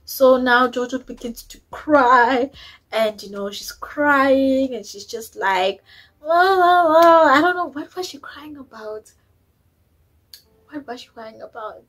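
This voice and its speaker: A woman's voice: on the high side, slow pace, a bit bright, slightly rough, rough recording. A woman, chatting opinionatedly as she recaps a reality show episode, dropping in isiZulu words. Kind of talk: casual recap chat.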